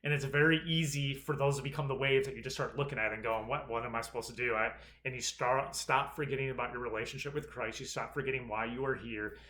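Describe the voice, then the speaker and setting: A man's voice: medium pitch, steady tone, quick pace, hardly any pauses, pushed and bright, slight background noise. Pastor guy preaching, laid-back retelling, acts out the lines a bit. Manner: conversational retelling with quoted dialogue. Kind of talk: sermon.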